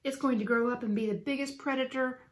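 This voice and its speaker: A woman's voice: high voice, fairly even intonation, fast, natural voice. A cautious, bookish young boy from a storybook, read by a woman in close to her own voice. He sounds sensible and a little worried, weighing things before he acts. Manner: careful, bookish, sighing.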